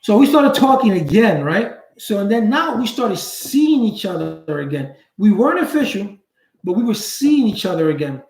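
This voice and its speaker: A man tells a story from his own life, casual and blunt, with street slang. His voice sits high for a man and leaps further up when he acts out someone else's lines. The room around him is roomy and echoey. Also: normal speed. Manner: animated, acts out quoted dialogue with big pitch jumps. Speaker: channel host.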